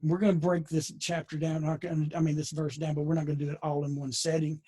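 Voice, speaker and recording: A man's voice: a little high, flat delivery, quick pace, mellow. A man leading a conversational Bible lesson, folksy and digressive with many restarts. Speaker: Bible teacher.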